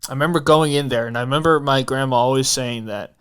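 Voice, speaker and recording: Young man telling a halting story. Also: mid-range voice, fairly bright tone, clear, resonant tone. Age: young adult. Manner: halting and repetitive, restarting phrases, casual swearing. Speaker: podcast host. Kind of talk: personal storytelling on a podcast.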